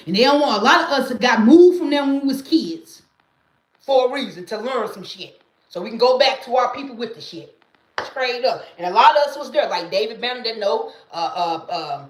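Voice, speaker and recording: Animated woman ranting on a livestream. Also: fairly high pitch, roomy sound. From Mississippi, US. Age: late 30s. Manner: emphatic, profane, repeats catchphrases. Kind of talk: casual live-stream monologue.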